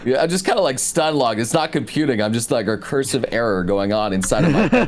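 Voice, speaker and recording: A man's voice: medium pitch, expressive, fast talker, hardly any pauses, a little hiss or hum. A man playing a tabletop game, talking expressively and swearing in character. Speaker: player. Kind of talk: tabletop role-play chat.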